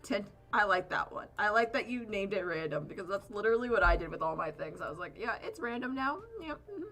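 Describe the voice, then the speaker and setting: A woman's voice: medium pitch, lively intonation, fast, fairly bright tone. A woman streamer chatting casually with viewers while she draws, rambling and swearing freely. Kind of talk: casual live-stream chat while drawing.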